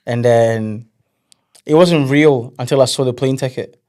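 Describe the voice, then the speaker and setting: In a mid-range voice at a measured pace, a young man chats casually as an interview guest. He spins his stories with animation and acts out quotes from others.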